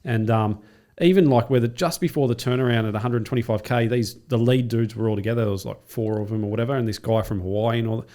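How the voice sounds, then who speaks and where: A man, a triathlete and coach, telling a race story in casual chat with lots of swearing and acted-out quotes. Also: mid-range voice. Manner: rapid, profane, animated retelling with acted-out quotes. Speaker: podcast guest, triathlete and coach.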